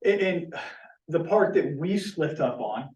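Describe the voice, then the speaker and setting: A man talks to his team in an earnest, direct way and often corrects himself mid-sentence. His voice sits a little high. He is recorded from a distance in a roomy meeting space. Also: lively intonation, measured pace, darkish tone, highs cut off.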